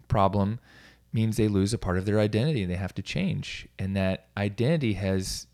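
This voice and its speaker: A man with a fairly low voice talks loosely and off the cuff, circling back on his sentences. He drops in quick laughs at his own stories and keeps an easygoing coaching tone. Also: darkish tone. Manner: rambling, self-interrupting, laughs at himself. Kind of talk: casual solo talk.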